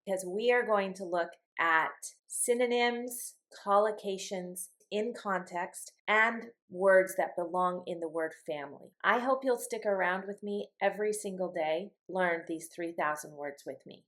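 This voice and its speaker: A woman's voice: mid-range voice, a little slow, few pauses, fairly bright tone. A woman English teacher explaining vocabulary and grammar, repeating key phrases for emphasis. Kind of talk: vocabulary lesson.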